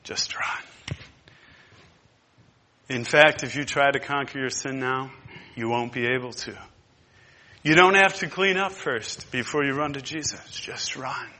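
Bright-voiced impassioned preacher man. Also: mid-range voice, moderate pace, big-room sound. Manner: impassioned, swinging from hushed to loud; repetitive, emphatic. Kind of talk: sermon.

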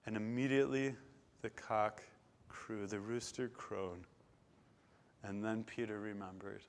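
A man preaching a sermon, retelling scripture with dramatic swings from loud declarations to hushed, quiet passages. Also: on the low side, steady tone, unhurried.

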